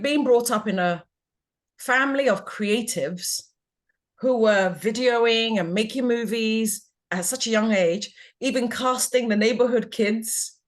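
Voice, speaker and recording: A woman hosting a talk show, speaking in a reflective, coach-like way and asking long questions. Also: on the high side. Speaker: podcast host. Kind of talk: interview conversation.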